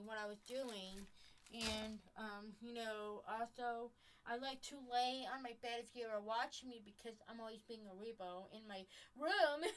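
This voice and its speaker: A woman's voice: mid-range voice, noisy background. A woman rambling in a casual webcam vlog message from her bedroom, with many fillers and repeats.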